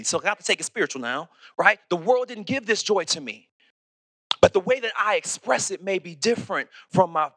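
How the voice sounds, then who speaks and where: A man preaching a sermon as pastor, animated, often restarting and asking "okay?". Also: on the high side, dry recording, clean studio sound. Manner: animated, repeats words, asks "okay?" often.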